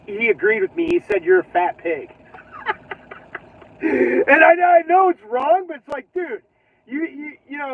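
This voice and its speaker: A man hosting his own channel, chatting casually and rambling from his car, laughing often and trailing off mid-sentence. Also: very high voice. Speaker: channel host. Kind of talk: casual driving vlog chat. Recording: tinny phone-like audio.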